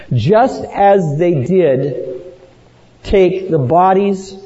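A man preaching a sermon slowly and dramatically, rising to emphatic peaks and dropping low at the ends of phrases. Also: dark tone. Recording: dull lo-fi sound with long hall reverb.

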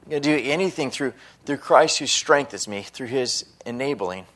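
Male pastor, earnest sermon delivery, mid-pitched voice, stumbles on repeated words. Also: normal speed, a bit bright. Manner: earnest, repeats words when starting phrases.

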